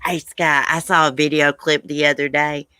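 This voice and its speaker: A woman's voice: low voice, flat delivery, moderate pace, bright, forceful tone, clean tone, no room sound. A woman hosting a casual live chat with viewers, blunt and profane. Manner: blunt, angry and profane, then chatty. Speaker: livestream host.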